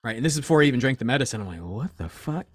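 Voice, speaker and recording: A man, a shop owner telling stories in a casual interview, rambling and animated, swearing often. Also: mid-range voice, rapid-fire, dry recording, studio quality. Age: 40s. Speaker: crystal and reiki shop owner, guest.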